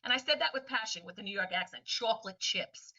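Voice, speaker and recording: A woman teacher presenting a webinar lesson in a lively way, often slipping into quick voices for students and friends. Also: on the high side. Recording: distant, dull lo-fi sound.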